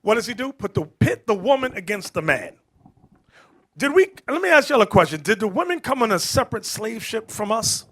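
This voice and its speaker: A man teaching a Bible class, preaching emphatically, calling out to the room and rising to shouts, with casual street-style asides. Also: sits high, a little fast. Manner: animated and emphatic, calls out to the room, rises to shouting.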